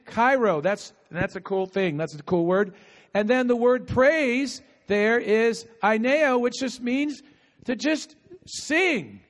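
Male preacher with a high voice, lively and chatty, coaxing the crowd to answer back. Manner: animated, talkative, with bursts of laughter and call-and-response. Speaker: pastor. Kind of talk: sermon. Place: outdoor gathering with insects audible. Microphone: no microphone at times.

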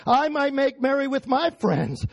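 Man playing a shouting, resentful older brother. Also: very animated, unhurried, creaky, muffled recording, full character voice. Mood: aggrieved. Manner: loud, high and aggrieved.

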